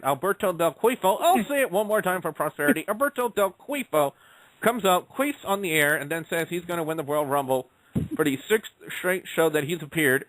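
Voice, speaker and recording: A man's voice: a little high, fairly bright tone, no echo, low-quality recording. A man hosting an online wrestling talk radio show, recapping the week with rambling, jokey asides. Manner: rambling, jokey, repeats lines for laughs.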